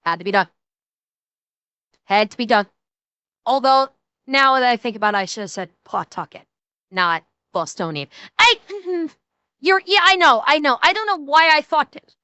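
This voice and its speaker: A woman streamer in casual, animated chat, rambling and profane, correcting herself often. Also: high-pitched, moderate pace, pauses often, smooth, no echo.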